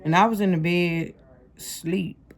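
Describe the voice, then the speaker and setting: A young woman with a low, gravelly voice tells her life story straight to her viewers. She talks casually in slang and keeps calling her audience "y'all". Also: steady tone, slow pace.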